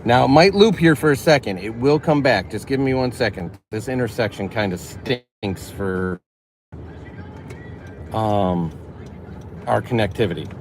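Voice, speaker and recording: A man from northern Illinois livestreams casually from his car, chatting and answering viewers' messages while he drives. His voice is on the low side and unhurried, with long pauses, and road noise hums behind him.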